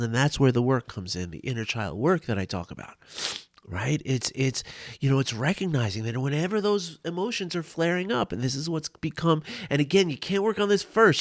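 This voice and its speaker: Middle-aged male coach, tearful and heartfelt, plain pitch, dry close-miked vlog. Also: animated, brisk, dry recording. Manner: emotional, open, thanking his community. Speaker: life coach. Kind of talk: personal video talk to viewers.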